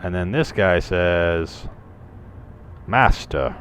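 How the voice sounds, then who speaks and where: Low-voiced guy for loose, profane let's-play commentary, wandering off on tangents, faint hiss underneath. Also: expressive, a little slow. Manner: rambling, profane, jokey asides. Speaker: gameplay commentator. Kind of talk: casual gameplay commentary.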